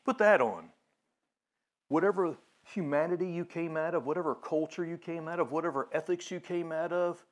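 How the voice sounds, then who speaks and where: A male pastor giving a conversational sermon, with many fillers and restarts, and growing animated when he retells a story. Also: on the high side, normal speed.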